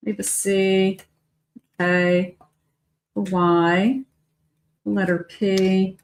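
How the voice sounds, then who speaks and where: Chatty woman reading tarot cards. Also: medium pitch. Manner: chatty, thinks aloud while reading cards. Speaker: tarot reader.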